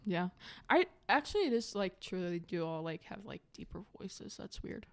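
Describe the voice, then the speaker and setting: A young woman joins a podcast as a guest and talks in a relaxed, casual way. She laughs easily, and her voice is at an ordinary mid pitch. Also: moderate pace. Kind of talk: casual chat.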